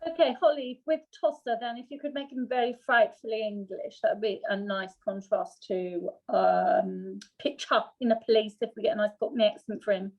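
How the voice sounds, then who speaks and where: A woman's voice: mid-range voice, steady tone, moderate pace, hardly any pauses, phone-quality sound. A woman directing a play reading, giving friendly, hesitant notes to her cast. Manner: friendly, hesitant, laughs easily. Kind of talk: giving notes at a read-through.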